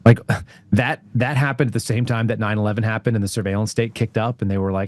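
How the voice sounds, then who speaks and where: A man talking as a guest on a casual political talk show, rambling through anecdotes in an animated way. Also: lowish voice, quick pace, no room sound. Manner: rambling, animated storyteller with frequent laughs.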